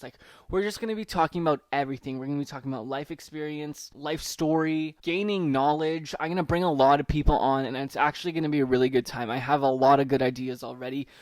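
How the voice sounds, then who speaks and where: A man's voice: medium pitch, no echo. A young man hosting a solo podcast intro, nervous and rambling, reading from a letter and swearing casually. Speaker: podcast host.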